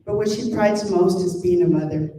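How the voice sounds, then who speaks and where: A woman host introducing a speaker at an event in a measured, deliberate way. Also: lowish voice, dark tone, a little hiss or hum. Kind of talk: slow formal introduction. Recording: roomy sound from far off the mic.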